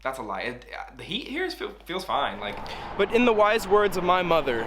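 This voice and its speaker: A man's voice: mid-range voice, sing-song, brisk, noisy background. A man in his thirties talking casually to camera in a travel vlog, chatty and sarcastic, swearing and laughing often. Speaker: travel vlogger. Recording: music playing over the voice.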